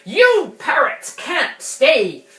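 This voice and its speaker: A woman putting on a loud slow sing-song pirate. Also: sits high, huge pitch swings, voice pushed up, exaggerated voice. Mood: blustery. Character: blustering male pirate captain shooing parrots. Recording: roomy, from a distance.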